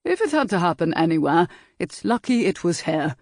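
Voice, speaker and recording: A woman's voice: on the low side, big pitch swings, normal speed, a little mellow, dry recording, studio quality. A woman voicing a heavy-set, jovial middle-aged lord in a period audiobook, bluff and hearty in manner.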